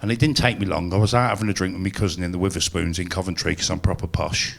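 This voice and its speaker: A man works a live crowd, swinging between chatty asides and loud punchlines. His voice sits low with a gravelly edge, and he pokes fun at himself throughout his stand-up set. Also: fairly even intonation, fast. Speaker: stand-up comedian. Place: live comedy venue.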